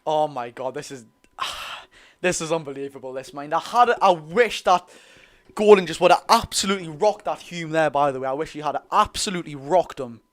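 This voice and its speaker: A young man with a Geordie accent giving live, excitable fan commentary on a football match, swinging between loud cheering and low muttering. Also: fairly quick. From North East England. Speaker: football watch-along host.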